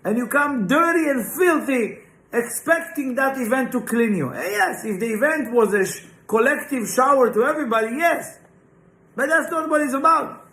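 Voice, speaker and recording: With a very high, fairly bright voice, this man teaches Kabbalah in a casual spiritual class that runs both live in a classroom and online. He's emphatic, peppering his talk with "right?" and rhetorical questions, and the space echoes noticeably.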